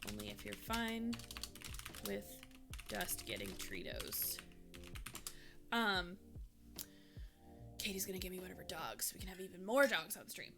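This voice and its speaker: A woman's voice: lowish voice, very animated, unhurried, long pauses, loud music behind the voice. A young woman from Minnesota chatting casually with her stream's live chat, rambling with lots of fillers.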